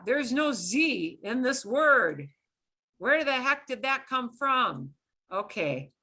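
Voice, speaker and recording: A woman's voice: mid-range voice, bright, forceful tone. A middle-aged woman teaching a Spanish class, explaining grammar step by step in a chatty way with fillers and asides.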